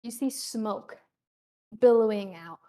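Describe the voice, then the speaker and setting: A woman narrating a tabletop game as game master, describing scenes in a halting way with many pauses. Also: medium pitch, dark tone.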